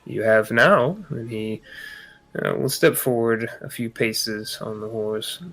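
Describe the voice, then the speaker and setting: A man's voice: on the low side, level tone, slow pace, fairly bright tone. A man playing in a tabletop game, firm and formal. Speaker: player.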